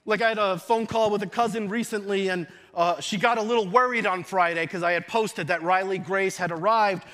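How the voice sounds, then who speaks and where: A young man preaching a sermon, moving between casual storytelling asides and loud emphatic shouted declarations. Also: high voice, steady tone, brisk. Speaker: pastor.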